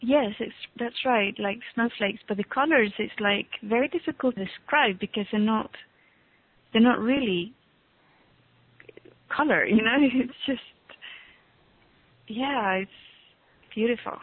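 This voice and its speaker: A woman talks as a guest on a call, slowly and with many pauses as she looks for the right words. Her voice is squeezed through a tinny phone line. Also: fairly high pitch, breathy edge. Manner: slow, halting, searching for words. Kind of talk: casual conversation on a call. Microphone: call audio.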